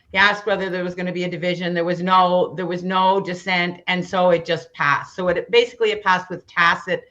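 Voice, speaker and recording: A woman's voice: mid-range voice, pushed and bright, dull audio. A woman on a political panel, patiently explaining parliamentary procedure.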